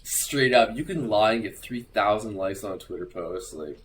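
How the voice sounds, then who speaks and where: A young man who is a digital artist, speaking as a guest on a casual podcast. He talks excitedly, swears, and fills his speech with like and you know. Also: on the low side, normal speed, a little hiss or hum. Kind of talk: casual chat.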